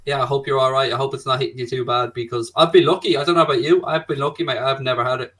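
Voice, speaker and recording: Fast bright-voiced man hosting. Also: mid-range voice, fairly even intonation. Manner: chatty, swears casually, reads viewer questions. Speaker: stream host. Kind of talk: casual live-stream chat. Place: own small home studio.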